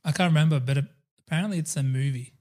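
A man chats casually about movies as a podcast co-host. His voice sits slightly high, and he rambles with hesitant fillers between points. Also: quick pace, a little mellow. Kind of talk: casual film discussion.

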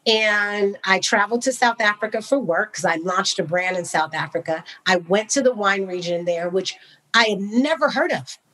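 A woman from Napa, California, chatting as an interview guest. She tells her story with animated enthusiasm, full of casual fillers, in a voice of medium pitch. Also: moderate pace, poor audio. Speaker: podcast guest, wine entrepreneur.

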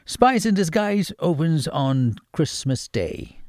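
A man's voice: a little high, big pitch swings, slow, darkish tone, no echo, studio quality. A man presenting film picks on the radio, playful and given to jokey asides. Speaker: radio movie reviewer. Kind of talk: radio film recommendations segment.

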